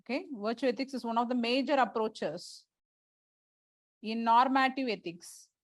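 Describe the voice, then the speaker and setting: A woman's voice: fairly high pitch, normal speed, no echo. A woman teacher, dictating lecture notes to a class, repeating phrases and spelling out words letter by letter.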